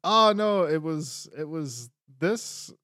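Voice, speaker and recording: A man's voice: a little high, animated, takes it slowly, sharp tone, dry recording, studio quality. A man co-hosting a podcast, recapping wrestling in a laid-back way with lots of fillers and the odd swear. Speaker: podcast co-host. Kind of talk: casual wrestling chat.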